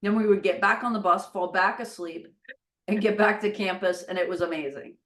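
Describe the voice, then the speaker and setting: A middle-aged woman recalling her college rugby days, telling stories in a relaxed, unhurried way. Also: medium pitch, rough recording. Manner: relaxed, unhurried storytelling, drops softer at line ends. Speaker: interview guest, former college rugby player. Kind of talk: casual reminiscing conversation.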